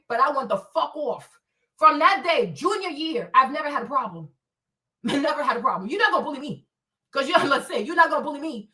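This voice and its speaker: A woman's voice: high-pitched, sharp tone. A woman from Africa hosting a livestream, ranting bluntly and profanely and tagging lines with "right?", on a slightly distant mic. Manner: blunt, profane, confrontational, keeps asking "right?". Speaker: livestream host. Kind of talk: solo ranting commentary.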